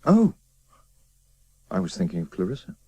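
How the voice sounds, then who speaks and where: A man voicing a calm fellow officer who asks gentle questions in a radio drama. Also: low-pitched, moderate pace, slightly rough, heavily acted.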